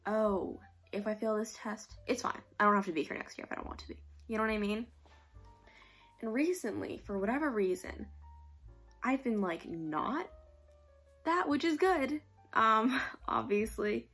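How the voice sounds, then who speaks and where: A young woman from New York talks to the camera in a loose, rambling vlog, circling her point with likes and self-aware asides. Her voice is soft and breathy, and faint music sits underneath. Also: mid-range voice. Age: young adult. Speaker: vlogger. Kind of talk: rambling casual vlog chat.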